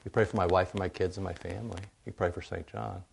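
An older male pastor giving a folksy, rambling sermon, often checking in with the congregation with a quick "right?". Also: low-pitched, fairly even intonation, vocal fry, a little hiss or hum. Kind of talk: conversational sermon.

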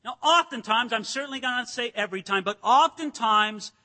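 A pastor preaching a sermon in an emphatic, dramatic way, acting out quotes and rising to shouts. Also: male voice, very high-pitched, brisk. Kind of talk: expository sermon. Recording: long hall reverb.

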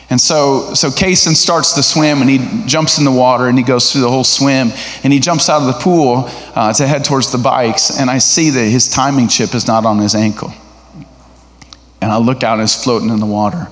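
A middle-aged man preaching a sermon as a guest speaker to a church congregation. He speaks in a lively, conversational way and asks the congregation questions. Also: medium pitch, moderate pace. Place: church sanctuary. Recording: echoey hall reverb.

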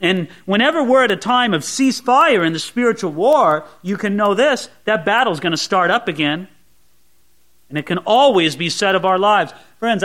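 A man preaching a verse-by-verse sermon, dropping to quiet asides and rising to emphatic peaks, sometimes mimicking gushing prayers. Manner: swings between soft low asides and bright emphatic peaks; voices imagined sweet prayers mockingly. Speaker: pastor. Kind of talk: expository sermon.

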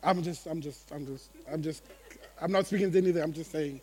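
A man preaching a sermon to his church, animated, acting out the voices of the people in his story. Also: a little high, brisk. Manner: animated, acts out quotes, laughs at own jokes. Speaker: pastor.

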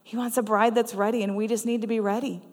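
A woman with a somewhat high voice preaches to a congregation, speaking earnestly and conversationally as she tells personal stories. Her voice carries a long reverb from the church hall. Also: flat delivery, quick pace, a little mellow. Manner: conversational and earnest, with frequent laughs. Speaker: guest preacher. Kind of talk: storytelling sermon. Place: church sanctuary.

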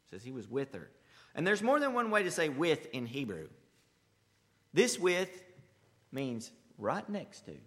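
Animated, bright-voiced male preacher. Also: mid-range voice. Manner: emphatic preaching that swings between loud, rising bursts and quiet asides. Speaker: pastor. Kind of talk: sermon. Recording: long hall reverb.

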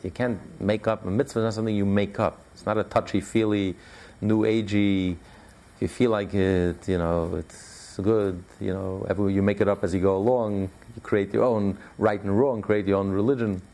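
Gravelly low-voiced man teaching. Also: fairly even intonation, normal speed, dark tone. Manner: emphatic, repetitive, conversational teaching with many fillers. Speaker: Torah class teacher. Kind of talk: religious lecture to a class.

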